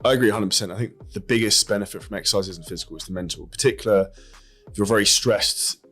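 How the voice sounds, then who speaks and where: An English fitness coach speaking as a podcast guest, direct and quick, with frequent "like" and the odd swear word. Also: male voice, lowish voice, fairly bright tone, husky, faint music behind. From England. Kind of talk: casual interview chat.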